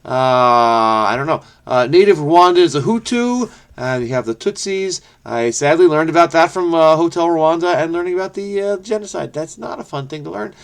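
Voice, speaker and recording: A man talking himself through a crossword in a casual, think-aloud way. His voice sits a little high for a man. He drops into low mutters over the clues, then jumps up in sudden excited bursts when an answer clicks. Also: normal speed, few pauses, clear, resonant tone. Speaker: crossword solver, channel host.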